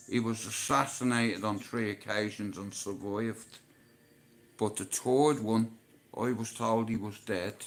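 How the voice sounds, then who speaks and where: A man hosting a livestream, telling a personal story in a casual, emotional way and swearing often. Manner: emotional, swears often, swings between low and loud. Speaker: livestream host.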